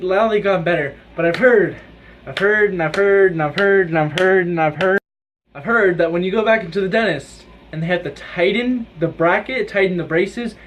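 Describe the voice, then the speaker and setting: This rambling teen vlogger has a high voice and talks casually to camera, laughing mid-story and leaning heavily on "like." He's lit by his own video light indoors, and the audio carries a little hiss or hum.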